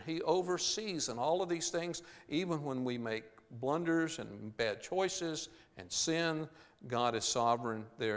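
A man's voice: medium pitch, fairly bright tone, in a large hall. A man preaching a sermon, reading scripture aloud and then explaining it plainly with the odd uh. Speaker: pastor.

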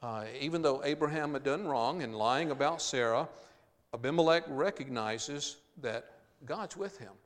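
A man's voice: on the high side, expressive, normal speed, big-room sound. A man preaching a sermon, reading scripture aloud and then explaining it plainly with the odd uh. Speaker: pastor.

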